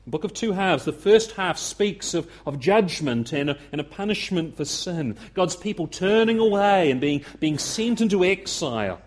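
A man's voice: sits high, expressive, moderate pace, few pauses. Earnest man preaching a sermon. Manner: earnest, repeats words, rising emphasis.

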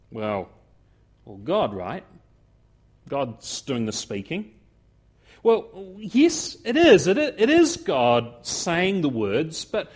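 A man delivers a sermon in a fairly high voice. He speaks earnestly, often repeating phrases and pushing harder as his points build. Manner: earnest, repeats words, rising emphasis. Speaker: preacher.

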